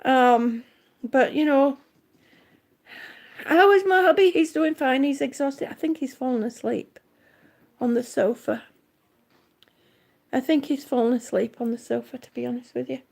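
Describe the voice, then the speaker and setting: A woman's voice: sits high, a little slow, creaky, long pauses. Breathless woman chatting to her stream. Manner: chatty, warm to viewers, trails off and restarts. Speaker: livestream vlogger. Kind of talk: casual livestream chat reading comments.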